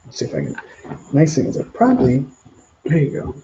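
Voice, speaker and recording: A man's voice: medium pitch, wildly swooping pitch, fairly quick, vocal fry, dull audio, background noise. A man hosting a live stream Q&A outdoors, rambling casually as he reads out viewer comments. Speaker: channel host.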